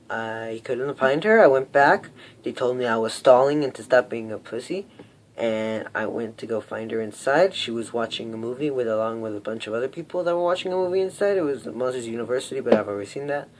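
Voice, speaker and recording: A teenage boy telling a personal story in an unscripted vlog, rambling and self-mocking, hot and sweaty. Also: mid-range voice. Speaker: vlogger.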